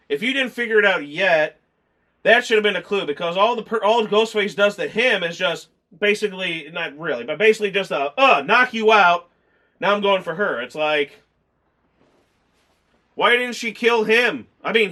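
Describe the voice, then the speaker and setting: A man's voice: sits high, lively intonation, moderate pace, sharp tone. A man chatting casually through a movie review, rambling and acting out scenes in mock voices. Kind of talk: casual film review chat.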